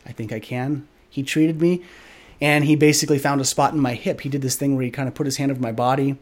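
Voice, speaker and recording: Earnest podcast host telling a personal story. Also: male voice, medium pitch, fairly even intonation, fast. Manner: earnest, reflective, loose with many filler "like"s. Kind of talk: candid personal storytelling in conversation.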